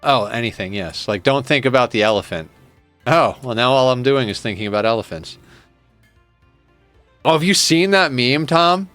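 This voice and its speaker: A man's voice: medium pitch, animated, normal speed, pauses often, fairly bright tone, dry recording. A male game streamer talks loosely and at length, full of sarcasm and casual swearing. His voice is close and dry, with faint music playing under it. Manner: rambling, sarcastic, swears freely. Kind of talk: casual live-stream chat while gaming.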